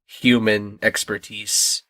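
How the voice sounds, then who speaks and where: A man's voice: fairly low pitch, flat delivery, slow pace, bright, forceful tone. A young man co-hosting a podcast in casual chat, rambling with many fillers and restarts. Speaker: podcast co-host.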